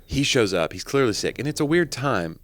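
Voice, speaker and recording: Hoarse, lively-voiced joking man. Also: mid-range voice, brisk, dry recording. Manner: playful, jokey storytelling. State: hoarse morning voice after covid. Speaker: podcast co-host. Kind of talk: casual chat.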